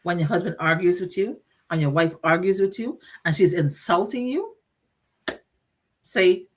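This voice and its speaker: A middle-aged woman hosts a motivational talk show in a somewhat low voice. She speaks earnestly and directly, asking her listeners questions and stacking up repeated phrases. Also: unhurried, husky. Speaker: host.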